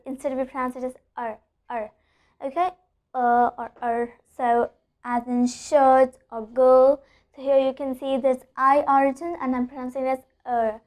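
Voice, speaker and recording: A woman's voice: sits high, darkish tone. A woman teaching an English pronunciation lesson, explaining rules and repeating each example word with frequent "okay?" checks.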